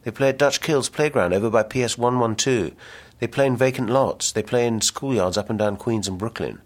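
A man's voice: mid-range voice, fairly quick, voice pushed up, lightly acted. A man voicing a brash, ambitious businessman with big schemes, reading the dialogue aloud in a pushy salesman's patter. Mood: insistent. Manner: salesman patter, insistent and grandiose.

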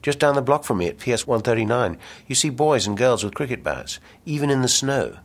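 A man's voice: medium pitch, sing-song, fairly quick, voice pushed up. A man voicing a brash, ambitious businessman with big schemes, reading the dialogue aloud in a pushy salesman's patter. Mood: insistent. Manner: salesman patter, insistent and grandiose.

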